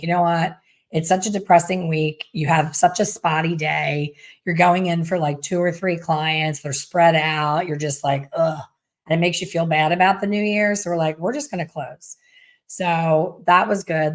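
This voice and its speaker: Chatty woman coaching hairstylists, lowish voice. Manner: chatty and candid, acting out quoted voices. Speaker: salon owner and hair color educator. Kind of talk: casual coaching talk.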